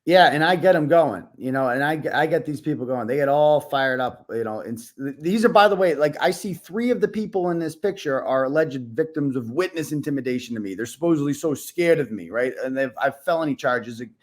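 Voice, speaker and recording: Animated man telling a story. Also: fairly high pitch, brisk, few pauses. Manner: animated storytelling, many fillers and restarts. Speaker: podcast guest, independent reporter. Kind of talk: casual podcast conversation.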